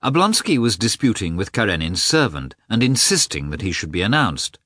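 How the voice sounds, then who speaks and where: A man narrating an audiobook in an expressive, measured reading. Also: on the low side, no room sound, clean studio sound. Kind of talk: scripted narration.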